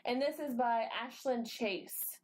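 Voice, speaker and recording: A woman co-hosting a casual podcast chat, goofy and quick to apologize, with jokey asides. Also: on the high side, a little mellow, a little hiss or hum. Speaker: podcast co-host.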